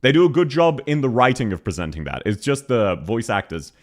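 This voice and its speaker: An Australian man commenting casually on a livestream. He greets viewers as they arrive, laughs often, and his pitch moves around a lot. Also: sing-song, a little fast. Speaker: streamer.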